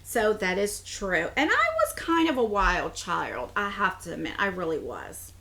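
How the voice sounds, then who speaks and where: A woman's voice: mid-range voice, very animated, unhurried, sharp tone. A woman in her forties from New Jersey chatting casually as a beauty vlogger, reading out viewer comments and answering them in a rambling way, laughing often.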